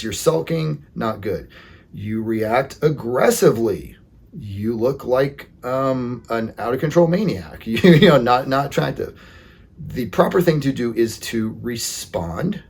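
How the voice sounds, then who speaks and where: Husky-voiced man giving dating advice. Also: mid-range voice, darkish tone. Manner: earnest, plain-spoken, leans on "you know" fillers. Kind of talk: casual advice monologue.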